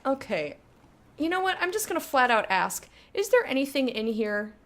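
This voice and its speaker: A young woman talks casually over her game stream, reading chat aloud and answering it bluntly with plenty of swearing and laughter. Her voice sits a bit high and swings widely in pitch as she reacts. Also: very animated, moderate pace, a bit bright. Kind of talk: casual live-stream chat while gaming.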